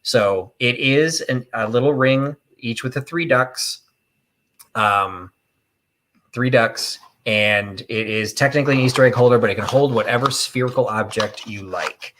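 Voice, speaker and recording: A man's voice: medium pitch, a little slow, a bit bright. A man hosting a live online vintage sale, talking casually and rambling with self-deprecating asides and many fillers. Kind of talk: casual live-stream sales patter.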